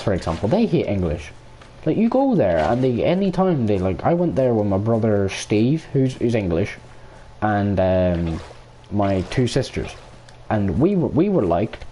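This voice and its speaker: Ranting Irish man with a low, dark voice. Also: a little hiss or hum. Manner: profane, ranting, talks over gameplay. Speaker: streamer. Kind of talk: casual gaming chat.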